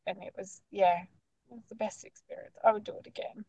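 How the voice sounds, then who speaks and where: A woman's voice: medium pitch, fairly quick, husky, no echo, rough recording. A woman, casually telling a long personal story full of "like" fillers. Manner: chatty, animated, lots of "like" fillers. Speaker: guest sharing her birth story.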